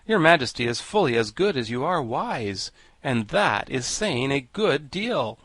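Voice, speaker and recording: A man's voice: medium pitch, big pitch swings, unhurried, a bit bright, dry recording, full character voice. A man reading an audiobook and voicing a polite, meek young boy who speaks soothingly.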